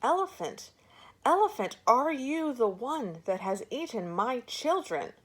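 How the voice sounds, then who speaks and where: A woman voicing a weary, desperate mother who pleads with animals and then shouts at an elephant. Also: mid-range voice, steady tone, unhurried. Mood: furious shouting. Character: desperate tired mother searching for her children.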